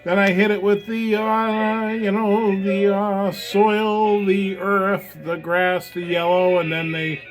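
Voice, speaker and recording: Plain-spoken hobbyist man, slightly high voice, easygoing rambling tour narration, phone mic, faint music under. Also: little pitch movement, slow pace, hardly any pauses, low-quality recording. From New England, USA. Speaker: model railroad hobbyist. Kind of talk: casual layout tour narration. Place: home train layout room.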